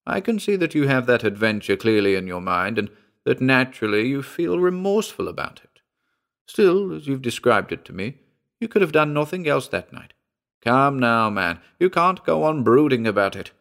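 A man voicing a calm, reasonable small-town doctor who soothes his patient, in a spoken story. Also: medium pitch, normal speed, creaky, voice pushed up. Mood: reasoning.

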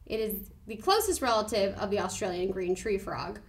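A woman co-hosting a casual podcast chat, gushing and excitable, often giggling. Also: medium pitch, moderate pace. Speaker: podcast co-host.

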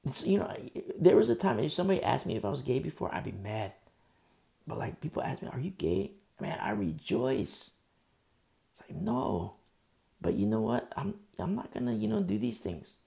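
Man preaching a sermon, gravelly low-key tone, punchy and emphatic, keeps firing off questions. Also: big pitch swings, brisk, warm tone. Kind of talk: conversational sermon.

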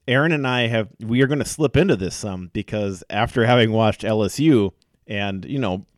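A man's voice: fairly low pitch, moderate pace, no echo, clean studio sound. A man hosting a casual sports podcast, joking and chatty with restarts and fillers. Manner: jokey, self-deprecating, fillers and restarts. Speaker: podcast host. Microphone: podcast mic.

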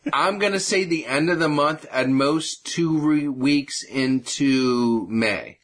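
A man guesting on a casual podcast chat, speaking in a hesitant, halting way. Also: fairly high pitch, a bit bright. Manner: hesitant, halting, restarts mid-thought.

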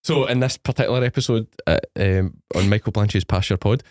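Low-voiced man, joking host. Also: a little fast, darkish tone, no echo, clean studio sound. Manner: joking, teasing, chatty. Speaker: podcast host. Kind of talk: casual chat.

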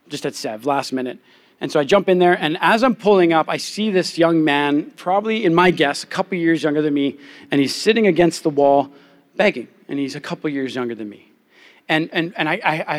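A young adult man, a pastor, preaching a conversational sermon and telling candid personal stories. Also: fairly high pitch.

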